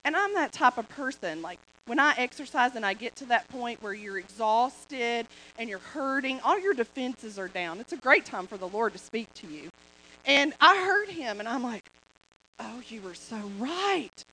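Woman preacher, high bright voice, animated testimony, lots of repeated phrases. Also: moderate pace, a little hiss or hum, poor audio. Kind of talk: sermon testimony.

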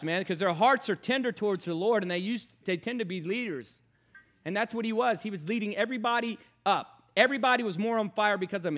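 Male preacher, high-pitched, impassioned sermon storytelling, repeats phrases, loud to hushed.

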